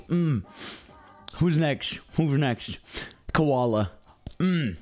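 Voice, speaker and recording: A man's voice: a little high, lively intonation, very slow, long pauses, soft background music. A young adult man streaming, chatting casually and rambling while talking straight to his chat. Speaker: game streamer.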